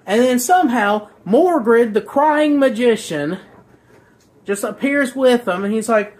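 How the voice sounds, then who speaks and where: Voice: mid-range voice, expressive, takes it slowly, darkish tone. A book reviewer rambling casually through a plot, crude and sarcastic, with filler words and restarts.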